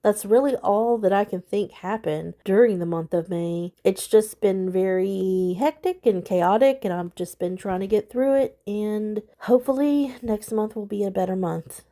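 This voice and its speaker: A middle-aged woman vlogging to her viewers, candidly telling a personal story and growing animated as she recounts a confrontation. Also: mid-range voice, moderate pace, few pauses. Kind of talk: casual storytelling vlog.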